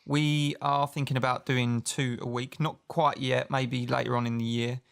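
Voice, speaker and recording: A man's voice: medium pitch, moderate pace, creaky, clear, resonant tone. A British man co-hosting a podcast, chatting casually with lots of fillers. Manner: relaxed, filler-heavy. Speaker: podcast co-host. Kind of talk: casual chat.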